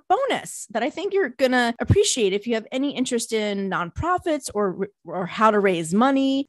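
A woman's voice: medium pitch, no echo, clean studio sound. A woman with a New Jersey accent hosting a podcast, wrapping up an episode in an enthusiastic, casual way, laughing often and swearing now and then. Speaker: podcast host.

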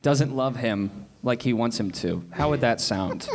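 A man's voice: mid-range voice, lively intonation, measured pace, gravelly, darkish tone. A man hosting a casual chat, prompting his guests with playful questions. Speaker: host.

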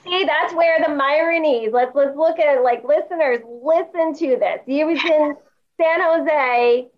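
A woman's voice: high voice, unhurried. A woman hosting a podcast, chatting casually with her guest and asking eager questions. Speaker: podcast host. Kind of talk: casual interview chat. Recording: dull lo-fi sound.

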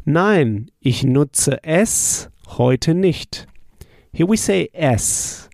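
Gravelly man teaching a drill lesson. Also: on the high side, expressive, a little mellow, no echo, clean studio sound. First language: German. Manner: patient, asks then answers, repeats phrases slowly. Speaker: language teacher. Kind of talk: spoken language drill lesson.

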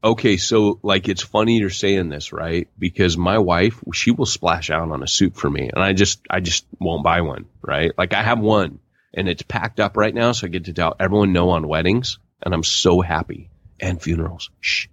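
A man co-hosting a podcast, chatting casually and excitably, laughing often. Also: deep voice, moderate pace, no room sound. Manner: excitable, laughs often, uses "rad" and "dude". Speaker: podcast co-host. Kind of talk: casual chat. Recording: dull lo-fi sound.

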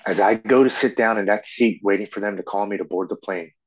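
A man in his forties telling his own story as a podcast guest, earnest and halting, often restarting his sentences. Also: lowish voice, muffled recording. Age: 40s. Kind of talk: personal recovery story.

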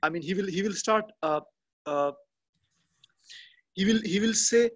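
A man chatting as a podcast guest from a garden outdoors, halting and often restarting as he searches for words. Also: high-pitched, fairly bright tone, slightly rough. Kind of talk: casual interview chat.

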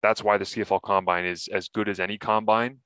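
Guy with a lowish voice chatting sports, lots of ums, dead dry sound. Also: fast, clean tone, no echo. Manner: animated storytelling, frequent fillers. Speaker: podcast host. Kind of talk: casual sports chat.

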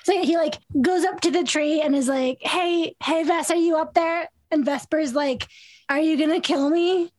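A woman excitedly retelling her favorite part of a book, quick and giggly. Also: high voice, dry recording. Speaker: podcast co-host. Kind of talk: casual book chat.

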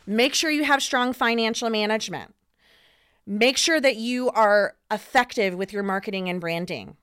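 A woman co-hosting a business podcast, running through a list of tips in a direct, brisk way. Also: a little high, fairly bright tone, clean tone. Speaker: podcast co-host. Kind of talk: casual podcast chat.

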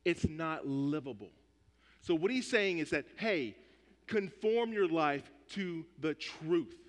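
A man preaching a sermon as pastor, speaking emphatically and conversationally, repeating his key points. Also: fairly high pitch. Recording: long hall reverb.

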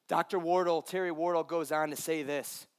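A man's voice: fairly high pitch, fairly even intonation, normal speed, clean tone. A man preaching a sermon as pastor, passionate and earnest, addressing listeners directly.

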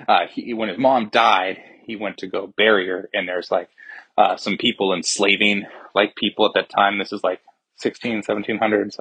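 A man's voice: lowish voice, a bit bright, husky, no room sound, low-quality recording. A young man giving a rambling, profane, jokey spoiler review of a movie.

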